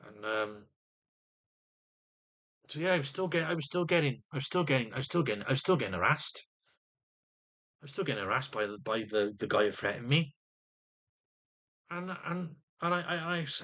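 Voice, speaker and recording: A man's voice: a little high, a bit bright. A man venting to camera in an agitated monologue, often restarting and repeating his words. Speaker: vlogger.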